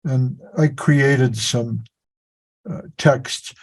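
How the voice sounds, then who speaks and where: A man's voice: medium pitch, steady tone, extremely slow, darkish tone, rough recording. A man telling a meandering, self-deprecating story on a video call as a spiritual teacher. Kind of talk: anecdotal storytelling.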